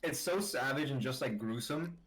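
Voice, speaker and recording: A man co-hosting a podcast, chatting casually and profanely in an animated, rambling way. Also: medium pitch, moderate pace, background noise. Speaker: podcast co-host.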